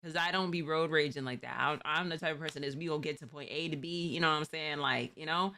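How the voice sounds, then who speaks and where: A woman's voice: sits low, quick pace, sharp tone. A woman from New York, hosting a stream and chatting casually about driving in a rambling, slangy way. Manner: rambling, slangy, many restarts. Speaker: streamer host.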